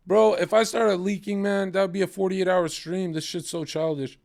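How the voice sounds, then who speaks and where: Young man, streamer, angry profane rant, slightly high voice, quotes others in mocking voices. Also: normal speed, creaky, hardly any pauses, a little mellow. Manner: heated, profane, acts out others' lines in quotes. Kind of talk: ranting livestream commentary.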